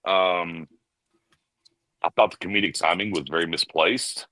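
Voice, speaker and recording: A man co-hosting a casual podcast, giving an animated film review and briefly mimicking characters as he tells it. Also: low-pitched, dry recording, low-quality recording. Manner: animated storyteller, mimics characters in quick bursts. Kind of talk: casual chat.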